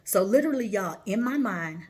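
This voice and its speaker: Woman in her forties, podcast host, animated storyteller. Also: medium pitch, moderate pace. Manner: animated, emphatic retelling with acted-out quotes.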